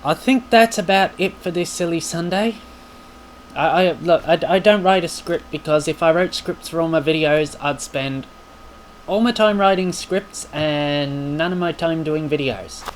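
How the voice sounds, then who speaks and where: A man's voice: on the high side, measured pace, a little hiss or hum. A man hosting a casual question-and-answer vlog, rambling and self-deprecating with plenty of jokes. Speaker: YouTube channel host. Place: home recording space.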